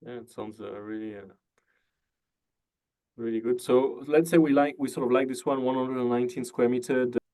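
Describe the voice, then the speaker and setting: In a medium-pitched, steady, dark voice at a moderate pace, a man hosts a relaxed interview over video call. He asks leading questions and plugs pauses with "uh" and "you know."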